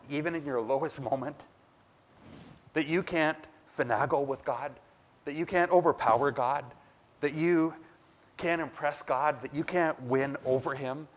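A man's voice: medium pitch, fairly bright tone. A man preaching a sermon as a pastor, talking casually and building to emphatic bursts.

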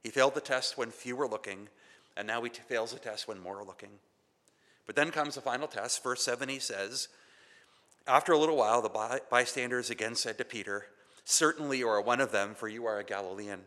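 A Canadian pastor preaches with a bright, forceful tone, slipping into conversational, self-deprecating stories and acting out other people's lines. His voice rings out into a large hall with a long reverb tail behind every phrase. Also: mid-range voice, a little fast. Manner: conversational, self-deprecating storytelling with acted quotes. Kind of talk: sermon.

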